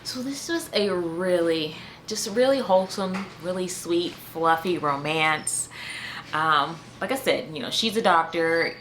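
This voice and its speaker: A woman chats through a casual book review in a somewhat low voice. She fills pauses with "um" and "you know" and often restarts her sentences. A faint hiss sits behind her speech. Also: a bit bright. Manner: chatty, full of fillers and restarts.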